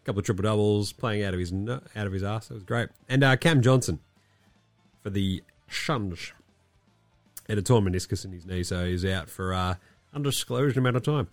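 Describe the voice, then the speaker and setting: A man's voice: fairly low pitch, moderate pace, no echo. Aussie guy ranting on a sports pod, sick and coughy, swears constantly, dry close sound, faint music. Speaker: podcast host. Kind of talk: casual sports chat.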